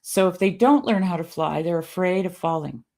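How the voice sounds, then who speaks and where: A middle-aged woman with a somewhat low voice tells stories in easy, casual conversation. Her delivery is animated, with laughter slipping in and quotes acted out in a changing pitch. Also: moderate pace. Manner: animated, laughing storyteller who acts out quotes in a varied pitch. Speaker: guest.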